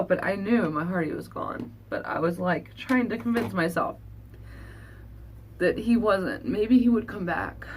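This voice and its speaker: A woman vlogger telling a painful personal story in an earnest, halting, confessional way. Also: mid-range voice, slight background noise. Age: adult. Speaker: beauty vlogger.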